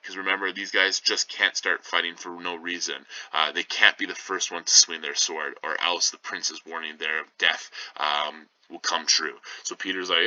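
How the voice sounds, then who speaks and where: A male teacher giving a casual, plain-spoken summary of a play, with frequent pauses and rephrasing. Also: sits low, steady tone, bright, forceful tone, dry recording. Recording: dull lo-fi recording.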